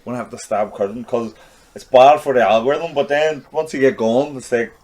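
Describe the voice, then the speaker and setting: A man's voice: medium pitch, fairly quick, darkish tone. A man with a Belfast accent, a comedian guest who chats in an easygoing, rambling way on a podcast. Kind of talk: casual podcast chat.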